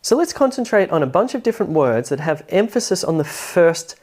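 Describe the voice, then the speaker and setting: A woman teaches English pronunciation in a video lesson, speaking clearly and with emphasis. Her voice is low but very lively in pitch. She leans into example words to show where the stress falls. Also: a little fast.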